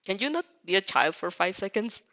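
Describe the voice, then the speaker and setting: A flustered twelve-year-old girl with prickly, blunt comebacks, voiced by a fanfic reader. Her lines come up higher than the narration, embarrassed and defensive. It sounds like an amateur audio fanfic reading. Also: very animated, brisk, bright, forceful tone. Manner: higher, flustered, muttering retorts. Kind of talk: fanfic read aloud.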